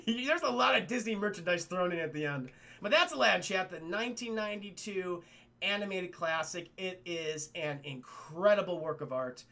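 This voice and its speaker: Bright, gravelly, high-voiced male streamer. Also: moderate pace. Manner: excitable, profane, keeps addressing the chat. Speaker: streamer and film reviewer. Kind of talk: casual recap to a live chat.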